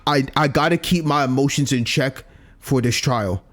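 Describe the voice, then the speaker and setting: Excitable swearing young gamer guy. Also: medium pitch, normal speed. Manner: excitable, swears a lot, talks back at the screen. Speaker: gaming video creator. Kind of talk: live reaction commentary while playing a game.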